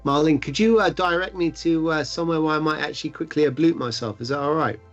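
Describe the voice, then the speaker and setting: A man's voice: fairly high pitch, fast, highs cut off, faint music behind, natural voice. A man voicing a clumsy, polite male halfling adventurer who fumbles his words.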